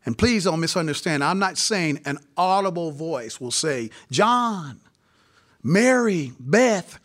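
A man's voice: high voice, fairly bright tone. A man preaching an impassioned sermon at a seminary gathering, repeating phrases and addressing his listeners directly.

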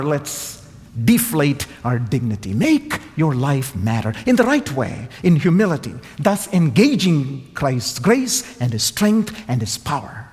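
A man's voice: mid-range voice, big pitch swings, unhurried. A man preaching a sermon, emphatic and repeating his key phrases. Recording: long hall reverb.

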